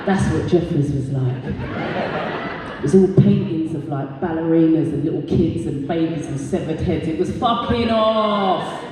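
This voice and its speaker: A British woman doing a stand-up comedy set as the compere, telling stories in a brash, sweary way and jumping into high squeaky voices for quotes. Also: measured pace, noisy background. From Britain. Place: live comedy venue. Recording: echoey hall, distant mic.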